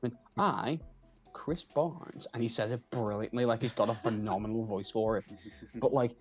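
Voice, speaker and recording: A young man with a Scouse accent, telling a story in casual chat on a stream. He tells it with animated energy, swears freely and laughs often. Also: fairly low pitch, brisk, soft background music. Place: home.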